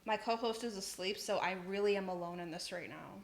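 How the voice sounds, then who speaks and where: Here the same kind of host, a young woman in her home kitchen, giggles and chats through a cooking livestream, reading viewer messages out loud and leaning on "like." Her pitch is medium, with a creaky edge and a fairly quick pace, in an echoey room with slight background noise.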